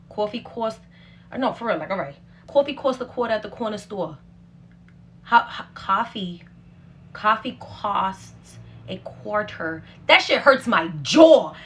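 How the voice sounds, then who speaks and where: A woman's voice: fairly high pitch, very animated, unhurried, a bit bright, slight background noise. A woman in a gaming chat, stumbling through a tongue twister and complaining about it. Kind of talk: casual gaming banter.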